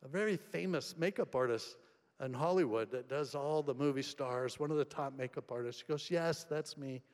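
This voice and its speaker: A man preaching a sermon in a conversational storytelling way, swinging between soft and emphatic delivery. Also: mid-range voice, a little fast. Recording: long hall reverb.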